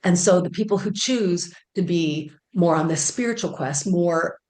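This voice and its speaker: A woman's voice: fairly low pitch, measured pace, darkish tone, echoey room. A woman talking casually and earnestly about channeled spiritual messages, with frequent fillers and repeated phrases.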